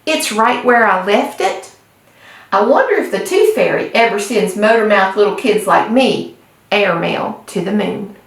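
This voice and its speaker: A woman reading a children's storybook aloud in a folksy, lively storytelling manner. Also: mid-range voice, measured pace. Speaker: storybook reader. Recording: echoey room, distant mic.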